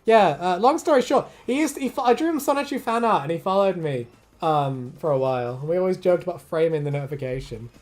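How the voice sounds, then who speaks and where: A woman's voice: on the low side, animated, quick pace, darkish tone. An English woman ranting and joking crudely on a casual livestream, swearing freely. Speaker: streamer.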